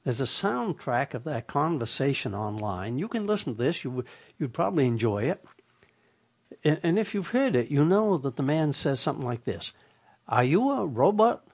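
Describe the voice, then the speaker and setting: An older man hosting a radio show, telling a humorous story in a deliberate, slow way. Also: mid-range voice, big pitch swings. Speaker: radio host.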